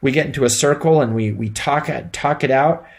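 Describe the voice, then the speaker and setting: A man's voice: medium pitch, brisk. A middle-aged man giving an instructional lecture to emergency medical students, speaking plainly and conversationally with frequent fillers. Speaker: EMT instructor.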